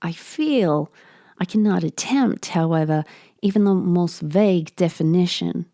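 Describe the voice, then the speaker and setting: A woman's voice: lowish voice, a little slow, mellow, dry recording, clean studio sound. A woman reading a horror story aloud, voicing a nervous young man who speaks in a raised, earnest tone. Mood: uneasy.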